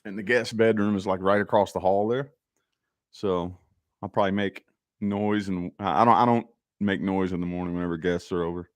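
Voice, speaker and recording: A man's voice: sits low, steady tone, brisk. A man hosting a casual live stream from his home office, rambling in a laid-back way and talking straight to his viewers.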